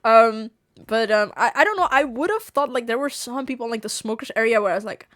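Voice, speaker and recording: A woman streamer telling a story to her viewers in a casual chat, animated, laughing often and swearing freely. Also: fairly high pitch, fast. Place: home streaming setup.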